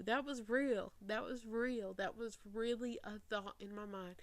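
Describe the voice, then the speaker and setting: A woman in her twenties speaking slowly and earnestly to camera, her voice close to breaking as she holds back tears. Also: medium pitch, no echo. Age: 20s. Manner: slow, earnest, voice near breaking. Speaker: faith podcast host. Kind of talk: personal reflective talk to camera. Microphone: facing camera.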